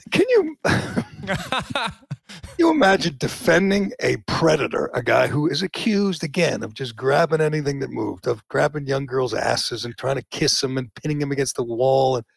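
Gravelly indignant male talk host. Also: mid-range voice, normal speed, hardly any pauses, no room sound. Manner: indignant, swings to loud outbursts. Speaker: podcast host. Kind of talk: opinionated political talk.

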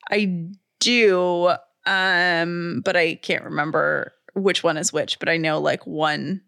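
A woman's voice: on the low side, steady tone, slow pace, vocal fry, sharp tone, clean tone, no echo, studio quality. A woman in her thirties co-hosting a podcast, chatting casually and reading out fun facts with frequent laughs. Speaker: podcast co-host. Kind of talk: casual chat.

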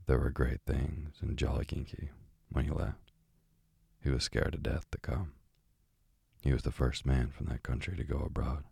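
Chatty old parrot read by a man; very low, husky, dark, dry close sound. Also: level tone, normal speed, dry recording, exaggerated voice.

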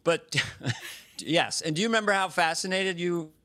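A comedian guest telling playful stories on a talk show over a video call. His voice is high and bright, with a gravelly texture and lively swings in pitch. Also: unhurried. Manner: playful, animated storyteller. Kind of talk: casual talk show chat.

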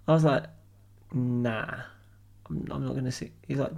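A young man telling a story on a podcast in an animated, swearing way. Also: mid-range voice, normal speed, gravelly. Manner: animated, swears freely, acts out voices. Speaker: podcast co-host. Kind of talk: casual storytelling chat.

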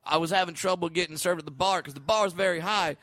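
A comedian man spins a story in loose podcast chat, stumbling over restarts and breaking into laughter. His voice sits a little high for a man. The sound is dry and close, with no room around it. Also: quick pace, sharp tone, no echo.

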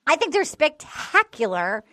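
A woman hosting a podcast, recapping a show in animated, gossipy casual chat full of likes. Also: high voice, unhurried, no echo. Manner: animated storytelling with frequent likes. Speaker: podcast host.

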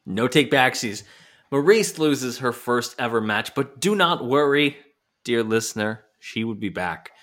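A man's voice: medium pitch, animated, unhurried, a bit bright. A man co-hosting a podcast, recapping in a playful, storytelling way. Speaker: podcast co-host. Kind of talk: casual recap chat.

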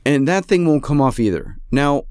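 A man's voice: fairly high pitch, expressive, moderate pace, a little mellow, clean tone, dry recording, clean studio sound. A man hosting a podcast, telling a comic story in an exasperated, self-mocking rant. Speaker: podcast host. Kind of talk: casual comedic storytelling.

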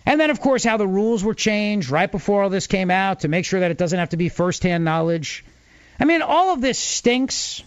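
Fill-in radio host: a New man with a high voice, punchy and mocking on a dry, lo-fi feed. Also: a little fast, few pauses, smooth, no echo. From New Jersey. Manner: argumentative, emphatic, mocks opponents. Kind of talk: talk radio political monologue.

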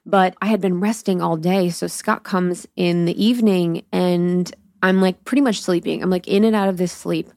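A woman hosts her own podcast alone and tells a personal story in a frank, unfiltered way, swearing freely. She voices her own inner dialogue as she talks. Her voice sits fairly low, and the recording is close and dry, with almost no room sound. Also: steady tone, moderate pace, creaky, few pauses, a little mellow, dry recording. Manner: candid, profane storytelling. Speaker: podcast host. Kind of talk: solo podcast recap.

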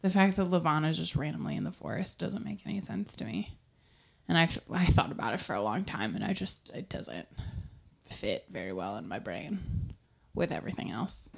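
A woman's voice: sits low, lively intonation, a little fast, vocal fry, breathy edge. A young woman hosting a podcast into a microphone, chatting casually about a book, laughing often and mockingly voicing characters. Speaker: podcast host. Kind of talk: casual book discussion chat.

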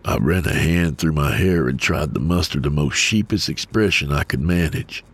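A man narrating a first-person horror story in a calm, measured way. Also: very deep voice, slightly rough. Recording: soft music under voice.

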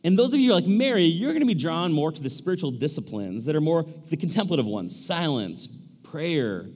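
A male pastor preaching a sermon in a lively, animated way, acting out characters with shifting voices. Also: on the high side, a little fast. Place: large church hall. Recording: echoey church hall.

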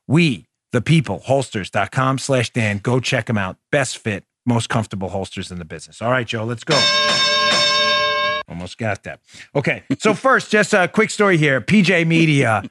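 A man's voice: mid-range voice, animated, moderate pace, music in the background. A man hosting a political talk show, emphatic and combative, speaking straight to his listeners and reading ads.

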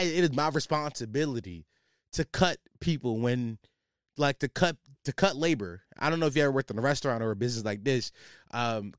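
A man's voice: mid-range voice, a bit bright, clear, resonant tone, no echo, clean studio sound. A young man hosting a casual solo podcast, telling a rambling, profane story about his job, full of slang. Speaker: podcast host.

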